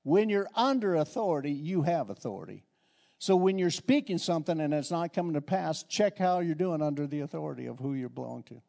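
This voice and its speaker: Man preaching a sermon, slightly high. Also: animated, fairly quick, vocal fry, warm tone. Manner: conversational preaching with repetitions and restarts. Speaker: pastor. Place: church.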